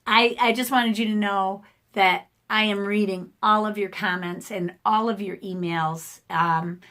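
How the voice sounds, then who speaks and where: A middle-aged woman speaks straight to her camera in a casual personal vlog. Her voice is hoarse and keeps catching. She rambles emotionally, full of ums and restarts. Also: mid-range voice, fairly even intonation, measured pace, a bit bright. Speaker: art channel host. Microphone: camera facing the speaker.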